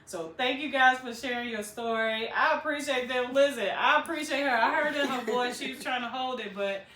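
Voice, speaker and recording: A woman's voice: sits high, a little fast, sharp tone, a little hiss or hum. A woman who runs a hair clinic, hosting a client testimonial and speaking directly to viewers in an upbeat, promotional way. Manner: upbeat, direct, keeps addressing viewers with "listen" and "you guys". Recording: echoey room.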